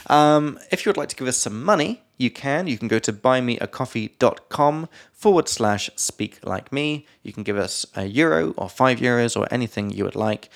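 A man's voice: mid-range voice, animated, moderate pace, creaky, few pauses. Laid-back Englishman teaching vocab. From England. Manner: laughing, loose and playful, drops into silly voices. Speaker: podcast co-host, English teacher. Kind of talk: casual chat, explaining vocabulary.

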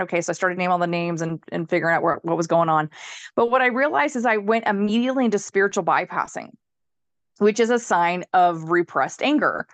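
A woman guest on a podcast, a healer, telling her own story in a candid, animated way, laughing often and swearing freely. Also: medium pitch, fairly quick, dry recording. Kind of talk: casual storytelling in a conversation.

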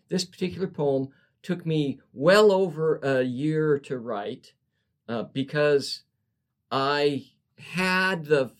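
A man co-hosting a podcast, chatting and reading his own rhyming poem, halting and repeating words as he talks. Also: medium pitch. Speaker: podcast co-host. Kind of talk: casual chat and poetry reading.

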